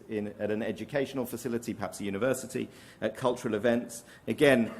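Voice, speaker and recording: A man presenting survey findings at a conference, measured and careful, with occasional ums and restarts. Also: lowish voice, a little hiss or hum. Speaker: conference speaker. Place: conference hall.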